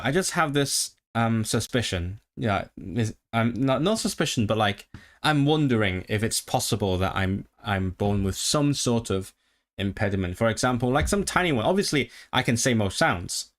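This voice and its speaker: A man of ordinary pitch talking casually to his livestream audience. He thinks out loud, often restarting sentences. Now and then he breaks off to practice rolling his Rs. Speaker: streamer.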